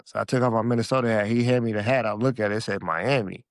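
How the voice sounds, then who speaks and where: Podcast guest, male, low-pitched, dry booth sound, tells stories with energy and slang. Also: fast talker, no room sound. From Alaska. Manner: animated storyteller who acts out his own past lines; relaxed slangy speech. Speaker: podcast guest, former pro basketball player. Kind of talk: casual storytelling interview.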